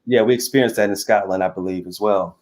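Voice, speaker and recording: A man's voice: fairly low pitch, steady tone, fast, a little mellow. A man from the United States, a guest in a casual interview, talking candidly with frequent stammered restarts.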